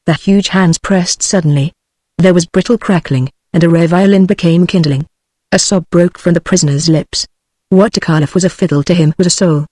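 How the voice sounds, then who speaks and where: A synthetic British English woman's voice reading a novel aloud with an even, steady audiobook delivery. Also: fairly low pitch, no room sound. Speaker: audiobook narrator.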